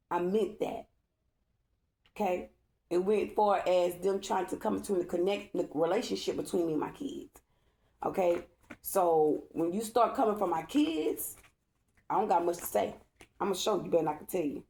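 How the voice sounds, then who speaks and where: Gravelly-voiced woman tarot reader vlogging. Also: on the low side, moderate pace, mellow. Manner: emphatic and repetitive, checking in with "okay?". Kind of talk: casual vlog talk to viewers. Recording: echoey room.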